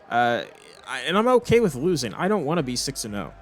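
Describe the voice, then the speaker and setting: A man's voice: mid-range voice, very animated, brisk. A young man commentating his own football video game, exasperated and swearing as he rambles through complaints. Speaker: gaming commentator. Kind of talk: frustrated gameplay commentary.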